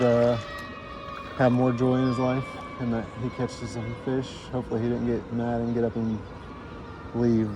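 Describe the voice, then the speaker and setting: A man vlogging his fishing trip on a lake, giving casual, chatty commentary in an easygoing, self-deprecating way. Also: medium pitch. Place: outdoors on a lake, fishing from a paddled boat. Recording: outdoor recording with steady background noise.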